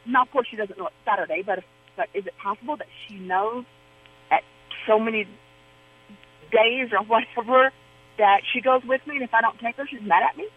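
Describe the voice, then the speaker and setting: Husky woman calling in by phone. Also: fairly high pitch, brisk, long pauses. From Arizona, USA. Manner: chatty, rambling with restarts. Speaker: caller. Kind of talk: phone-in question. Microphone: telephone. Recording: dull lo-fi phone line.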